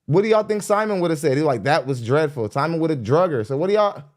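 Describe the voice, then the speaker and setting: A man hosting a podcast, giving blunt, animated commentary as he reacts to a clip, laughing often between points. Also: fairly high pitch, fast. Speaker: podcast host reacting to a dating show clip. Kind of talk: casual commentary. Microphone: studio dynamic mic.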